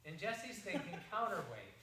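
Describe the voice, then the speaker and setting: A man's voice: high voice, very animated, unhurried, crowd noise. A middle-aged man giving a seminar talk, telling a story in a folksy, rambling way with many restarts. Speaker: seminar presenter. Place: seminar room. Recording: distant mic in an echoey room.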